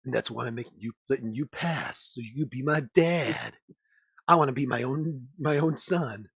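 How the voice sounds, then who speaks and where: A man's voice: mid-range voice, normal speed, creaky, fairly bright tone, slightly rough, no room sound. A man on a casual podcast, rambling in crude banter with lots of fillers and swearing. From United States. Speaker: podcast co-host. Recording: dull lo-fi dry sound.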